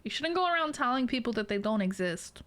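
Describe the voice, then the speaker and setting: A woman's voice: on the high side, expressive, fast talker, a bit bright. A woman in her late twenties, a streamer chatting casually with her chat, giggly and swearing freely. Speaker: VTuber streamer.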